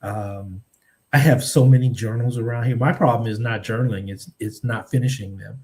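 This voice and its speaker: A man who is a writer and a podcast guest, speaking in a measured, thoughtful way with frequent pauses and ums. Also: medium pitch, steady tone, a little mellow. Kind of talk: reflective podcast conversation.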